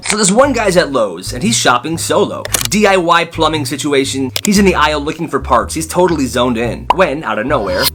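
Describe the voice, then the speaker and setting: Animated young man telling stories. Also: a little high, over music. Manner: chatty, animated, quick asides to the listener. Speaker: storyteller. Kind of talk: storytime narration for short videos.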